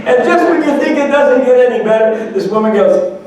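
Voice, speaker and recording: A man's voice: very high-pitched, animated, fairly quick, a little mellow. A man giving a humorous keynote speech, telling stories and acting out voices for laughs. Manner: storytelling, acts out voices for laughs. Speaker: motivational speaker. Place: large hall. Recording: echoey hall from far off.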